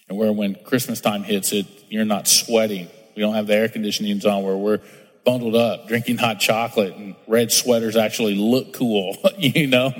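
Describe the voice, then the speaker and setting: A middle-aged man preaching a sermon as pastor, conversational and storytelling, acting out quotes in different voices. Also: mid-range voice. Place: church sanctuary. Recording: long hall reverb.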